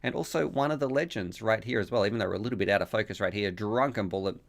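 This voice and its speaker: A man's voice: fairly low pitch, quick pace, gravelly. Chatty man reading chat. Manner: rambling, thankful, laughs often while reading chat messages aloud. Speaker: live stream host. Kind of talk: casual live-stream chat reading donations.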